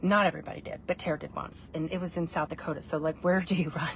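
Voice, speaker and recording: A woman's voice: low voice, steady tone, fast, slight background noise. Rambling, self-mocking woman. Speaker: vlogger. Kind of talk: casual chatty vlog.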